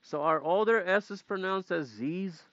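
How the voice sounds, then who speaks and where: A man's voice: high-pitched, a little slow, a bit bright, no room sound, highs cut off. A man streaming a game, casually chatting and playfully repeating foreign words to practice them. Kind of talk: casual gaming live-stream chat.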